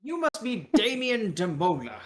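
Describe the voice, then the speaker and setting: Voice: mid-range voice, wildly swooping pitch, unhurried, reverberant, voice pushed up. A game master voicing a tall, boisterous German businessman with a British accent, jovial and grandly polite.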